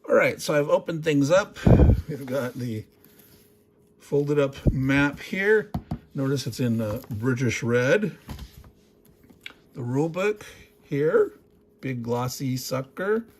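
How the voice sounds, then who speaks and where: A man's voice: medium pitch, lively intonation, takes it slowly, pauses often, noisy background. A man hosting a board game unboxing, talking casually, wandering off into digressions and chuckling as he goes. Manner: rambling, digressive, chuckles often.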